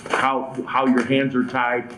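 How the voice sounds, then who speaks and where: Halting council member with a flat voice. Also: male voice, medium pitch, slight background noise, rough recording. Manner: appreciative, halting, repeats words. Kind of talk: council meeting remarks.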